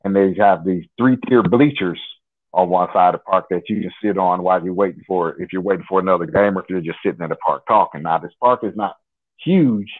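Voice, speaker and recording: A man from Nebraska, a guest in an interview, telling a personal story in an unhurried, detailed, conversational way. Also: deep voice. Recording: tinny phone line.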